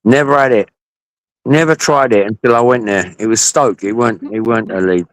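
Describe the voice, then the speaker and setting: A man's voice: medium pitch, a little fast, no room sound, poor audio. A man in casual panel chat on a video call, rambling through anecdotes and swearing freely. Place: home setup on a live video call.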